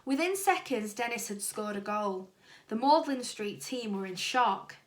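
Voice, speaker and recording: A woman teacher reading a children's storybook aloud, lively and expressive. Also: fairly high pitch, normal speed. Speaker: primary school teacher.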